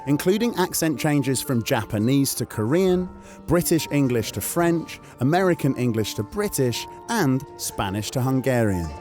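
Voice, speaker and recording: A man hosting and narrating a science documentary in scripted voice-over with an expressive, rising and falling delivery. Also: mid-range voice, moderate pace. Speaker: host and narrator. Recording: voice-over over background music.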